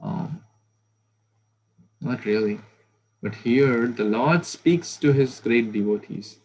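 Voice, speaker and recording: A man's voice: mid-range voice, takes it slowly, darkish tone, dull audio. A man giving a conversational scripture class, asking listeners rhetorical questions and murmuring "hmm".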